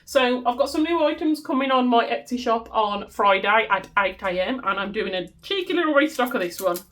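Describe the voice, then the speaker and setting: A woman's voice: a little high, animated, fairly quick, a bit bright. A woman with a Black Country accent chatting casually on a budgeting vlog, laughing at herself and humming tunes as she sorts cash. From West Midlands, England. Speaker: budgeting vlogger. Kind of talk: casual chat while cash stuffing.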